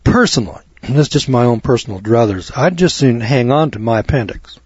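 Husky-voiced folksy male lecturer. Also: mid-range voice, animated, brisk, a little mellow, no room sound. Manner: folksy, emphatic, repeats words for stress. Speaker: health lecturer. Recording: dull lo-fi recording.

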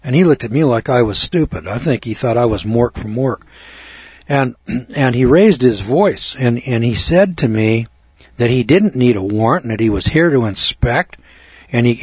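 A man's voice: mid-range voice, breathy edge, no room sound. A middle-aged man telling a rambling, self-mocking story to an audience, repeating words as he goes. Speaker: speaker addressing an audience. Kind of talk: folksy storytelling lecture. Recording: dull muffled dry recording.

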